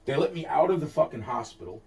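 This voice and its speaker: A man's voice: a little high, lively intonation, quick pace, creaky, dark tone. A man telling a personal story in a heated, profane, repetitive rant. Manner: heated, profane, repeats himself and restarts often. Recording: distant mic.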